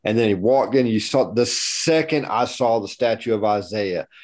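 A man's voice: lowish voice, a little mellow. A man in a casual podcast chat, telling a story with jokes and swearing. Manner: fast, profane, joking storytelling.

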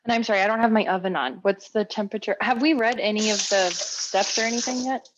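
A woman co-hosting a podcast, chatting casually while cooking, playful and quick with questions. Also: medium pitch, background noise. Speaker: podcast co-host.

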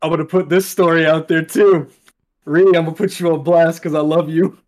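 A man's voice: fairly high pitch, steady tone, fairly quick, a little mellow. Emotional young man swearing in casual chat. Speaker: podcast guest, soldier.

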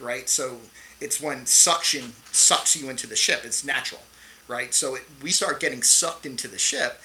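A middle-aged man, a podcast guest and Navy veteran, telling a story in a casual interview, animated, swearing freely and tossing in "right?" often. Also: mid-range voice, a little hiss or hum, rough recording.

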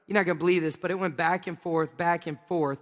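High-voiced pastor preaching in a reverberant hall. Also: male voice, fast talker. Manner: animated, playful, acts out scenes with exclamations. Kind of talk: sermon with humorous personal storytelling. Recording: long reverb of a large hall.

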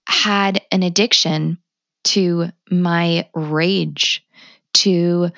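A woman's voice: fairly low pitch, extremely slow, gravelly, no room sound, muffled recording. Blunt, fired-up woman parenting coach. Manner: blunt and emphatic, swears freely; animated and passionate. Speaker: parenting educator, podcast guest. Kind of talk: candid conversational interview.

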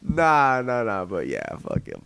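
A man in his twenties, a guest on a casual podcast, telling stories in an animated, heavily profane way. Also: medium pitch, measured pace, gravelly, a little hiss or hum.

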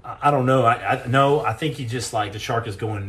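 A man's voice: mid-range voice, fairly quick, hardly any pauses, fairly bright tone, a little hiss or hum. A middle-aged man hosting a casual live chat and answering questions, telling rambling, jokey stories with many restarts and repeated words.

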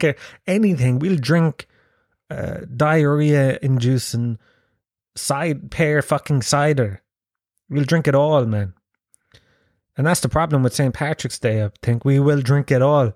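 An Irish man in his thirties rambles through comic stories on his podcast, swearing freely and poking fun at himself. His voice sits at an ordinary middle pitch, and the close mic sounds dry with no room around it. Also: a little mellow, dry recording. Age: 30s. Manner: rambling, sweary, self-mocking. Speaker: podcast host. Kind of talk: casual comic storytelling monologue.

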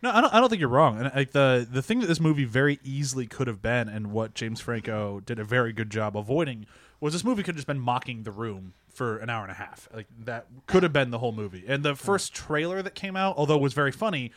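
Guy on a podcast talking fast, dry sound, lots of "like". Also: medium pitch, expressive, fairly bright tone, dry recording. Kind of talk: casual podcast film discussion.

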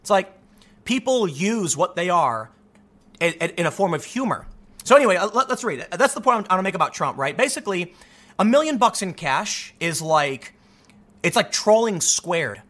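Young male host, high bright voice, sarcastic and animated, mocks people in funny voices. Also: moderate pace. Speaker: commentary show host. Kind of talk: opinionated political commentary monologue.

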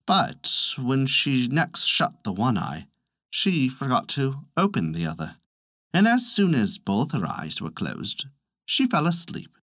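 A man telling a folk tale in an expressive, animated manner. His pitch swings very widely from line to line, and the recording is dry and close with no room sound. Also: slow pace, dry recording. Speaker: storyteller.

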